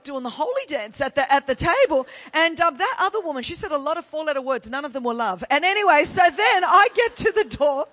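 High-voiced, emphatic woman preacher. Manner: emphatic, building to forceful declarations; animated and expressive in storytelling. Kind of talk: storytelling sermon.

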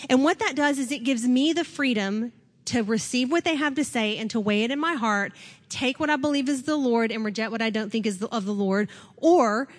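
A woman pastor preaching a sermon in a relaxed, conversational way, laughing now and then and acting out what people say. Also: a little high, fairly quick. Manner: conversational, laughs often, acts out quoted speakers.

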